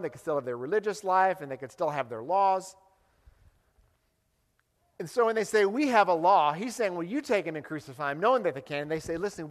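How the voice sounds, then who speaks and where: Guy preaching a sermon, kinda high voice, lots of reverb. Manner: animated, acts out quoted lines. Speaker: pastor.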